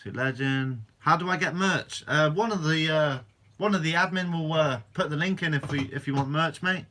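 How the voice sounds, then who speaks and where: Reading out questions from his viewers, a young man from Guernsey answers them easygoingly on his laid-back fishing live stream. He speaks at an ordinary pace, his voice bright, forward, and slightly high for a male.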